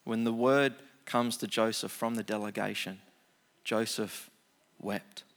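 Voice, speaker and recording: A middle-aged man, preaching a sermon, reading scripture aloud and explaining it with animated asides. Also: mid-range voice, moderate pace, gravelly. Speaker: pastor.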